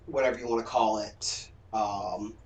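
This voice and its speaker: A man's voice: lowish voice, steady tone, normal speed. Southern man, talky streamer who jokes, echoey room, far from the mic. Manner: chatty, lecturing, jokey. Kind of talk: casual chat. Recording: roomy echo from a distance.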